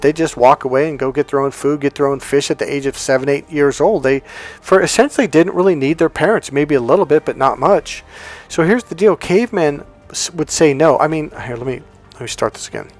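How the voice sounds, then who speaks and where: A man giving blunt dating advice, swearing freely and telling stories in which he acts out what other people said. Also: on the high side. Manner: profane, blunt, storytelling with acted quotes. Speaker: dating coach. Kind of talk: unscripted coaching talk.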